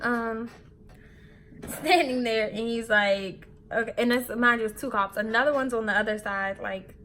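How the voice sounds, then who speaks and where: Animated young woman telling a candid story. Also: on the high side, a little hiss or hum. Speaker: beauty vlogger. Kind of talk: storytime vlog while getting ready.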